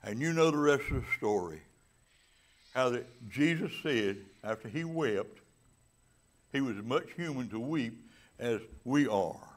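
A man preaching a sermon. He drops to soft, low passages and builds to loud, emphatic climaxes, stretching key words slowly and adding casual asides to the congregation. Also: expressive.

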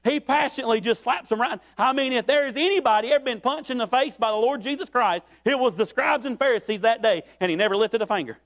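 Male preacher, very high voice, folksy and repetitive sermon delivery. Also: quick pace, hardly any pauses, a bit bright. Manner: folksy, repetitive, building emphasis.

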